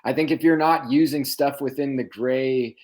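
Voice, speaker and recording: A man's voice: mid-range voice, fairly even intonation, a little mellow. A man co-hosting a sports podcast, mostly giving short replies and asking the odd question. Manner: brief listener replies and quick questions. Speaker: podcast co-host. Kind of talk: casual sports talk.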